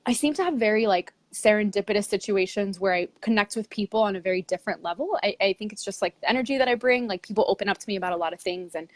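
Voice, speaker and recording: A woman guest in an interview, telling her travel story in a chatty, expressive way with lots of "like". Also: mid-range voice, fast, few pauses, no room sound. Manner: chatty, heavy use of "like", expressive retelling.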